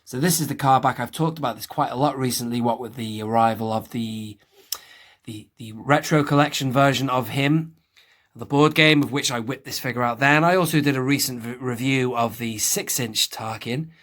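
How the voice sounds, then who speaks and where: Male host, chatty collector vlog, mid-pitched, rambling with lots of asides. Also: moderate pace, a bit bright. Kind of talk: casual toy review vlog.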